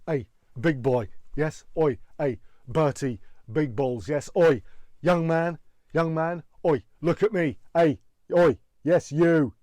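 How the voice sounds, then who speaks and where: A man's voice: a little high, slow, no echo, clean studio sound. A man doing a barking, bossy celebrity chef. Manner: barking, domineering, repeated shouts. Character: shouting celebrity chef impression, hectoring man.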